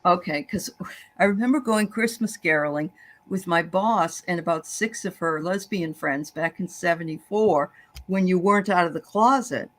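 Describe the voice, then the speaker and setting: An older woman hosting a medium session, chatting casually and passing on messages, quick to affirm and laugh. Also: on the low side. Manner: affirming listener, lots of mm-hmms, easy laughs. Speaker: host and medium. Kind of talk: casual chat.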